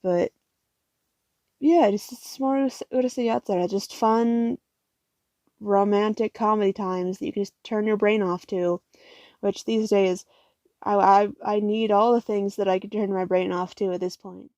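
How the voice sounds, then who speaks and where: A tired young woman rambling casually through a manga haul, swearing often and getting excitable. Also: medium pitch, moderate pace, dry recording.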